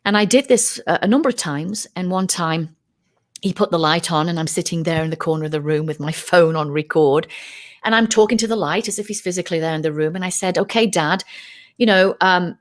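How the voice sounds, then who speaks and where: A woman's voice: on the low side, fast talker. Woman, earnest podcast guest. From United Kingdom. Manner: earnest storytelling. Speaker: guest, UFO researcher. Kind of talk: casual podcast interview.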